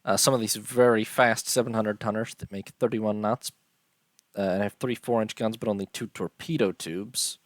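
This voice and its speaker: A tired man with a low voice talks through a strategy game in casual, unhurried commentary. He yawns between lists of figures and fills gaps with ums. The sound is close and dry, with no room around it. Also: steady tone, no echo. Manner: unhurried, listing details with many ums and uhs. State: tired, yawning. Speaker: strategy game let's-player.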